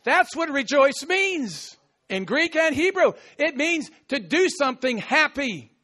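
High-voiced animated male preacher. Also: unhurried. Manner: playful, acts out scripture quotes with shouts and laughs. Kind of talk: animated sermon.

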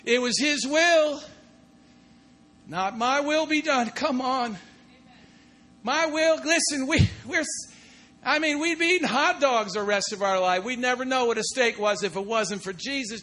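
A man preaching a sermon in a very high voice with a bright, forceful edge. He punctuates everything with cries of "come on" and "glory to God." He swings from loud bursts down to hushed asides. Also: measured pace.

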